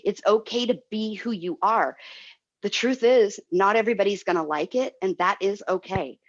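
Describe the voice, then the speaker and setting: A woman's voice: medium pitch, normal speed. Earnest, emotional woman on a dull call. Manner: earnest, emotional, repeats herself. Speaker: guest speaker. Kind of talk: heartfelt motivational talk.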